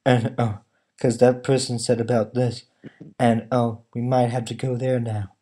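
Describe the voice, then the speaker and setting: A man's voice: unhurried, close to an everyday voice. A man mocking wooden droning characters. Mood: mocking deadpan. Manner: low, quiet, flat monotone. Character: dull wooden film characters droning flatly.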